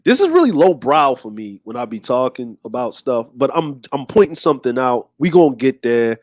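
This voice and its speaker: A man's voice: medium pitch, sing-song, moderate pace, darkish tone, no echo, studio quality. Slangy male show host. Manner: slangy, rambling, talks straight to the audience. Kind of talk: casual commentary.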